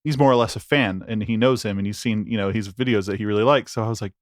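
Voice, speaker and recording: A man's voice: lowish voice, quick pace, no room sound, studio quality. A young man co-hosting a podcast, telling stories in a rambling, laughing, casual chat. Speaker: podcast co-host.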